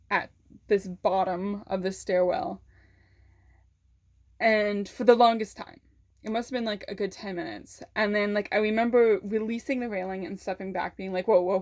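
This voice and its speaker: A woman vlogger telling a personal story in a candid, halting way, swearing freely and holding back tears. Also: mid-range voice.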